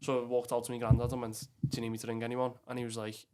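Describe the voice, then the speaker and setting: His mid-range voice is completely flat and dark in tone, and he talks very fast over a little hiss or hum. The young Liverpool man, Scouse-accented and English, is a podcast guest bluntly recounting an emotional personal story, swearing often and saying "lad" to the listener.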